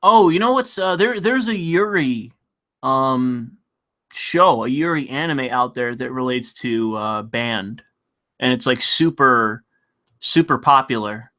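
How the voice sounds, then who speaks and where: A man's voice: medium pitch, slow pace, bright, forceful tone. A man hosting a casual livestream, rambling and swearing freely while he laughs along with chat. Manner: rambling, profane, laughs often. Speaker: livestream host. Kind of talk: casual live-stream chat.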